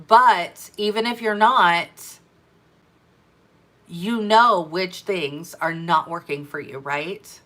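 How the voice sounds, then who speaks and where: Emphatic woman giving motivational business tips. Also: fairly low pitch. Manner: energetic, emphatic, repeats key phrases. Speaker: sales business coach. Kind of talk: motivational business talk to camera.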